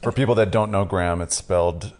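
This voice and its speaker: A man hosting a podcast interview, relaxed and asking plain questions. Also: deep voice, brisk. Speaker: podcast host. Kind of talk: casual interview chat.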